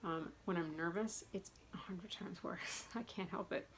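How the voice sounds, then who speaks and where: A woman's voice: fairly low pitch, measured pace, low-quality recording. A middle-aged woman talking casually and at length in a personal vlog, rambling and chatty. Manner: chatty, rambling, self-described talker. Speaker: vlogger. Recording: faint background noise.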